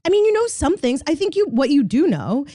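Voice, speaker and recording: A woman's voice: high voice, sing-song, brisk, warm tone, no room sound, clean studio sound. A middle-aged woman, a podcast guest, chatting playfully with frequent laughs and filler words. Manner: playful, laughing, acts out her toddler's lines. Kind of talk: casual chat.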